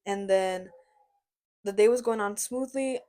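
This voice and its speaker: A woman's voice: medium pitch, measured pace. A young woman, a college student, telling a story in casual chat and acting out the voices of the people she quotes. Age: young adult. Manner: animated, acts out quoted voices. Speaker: guest, college student sister. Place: office.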